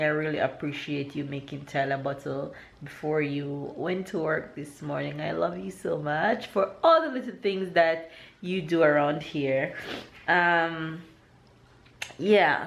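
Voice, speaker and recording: A young Jamaican woman, a mother, chatting casually to camera at home in a relaxed vlog style, laughing often and going very high-pitched when excited. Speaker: vlogger, mother. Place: at home indoors.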